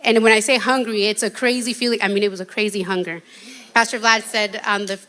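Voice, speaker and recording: A shy woman giving an earnest, halting testimony in a church interview. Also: mid-range voice, fairly even intonation, a bit bright.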